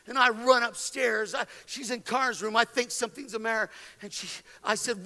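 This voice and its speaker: A male pastor preaching an impassioned sermon, with stammered restarts and repetitions that build into shouted exhortations. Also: very high-pitched, normal speed, hardly any pauses. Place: church sanctuary. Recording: long reverb of a large hall.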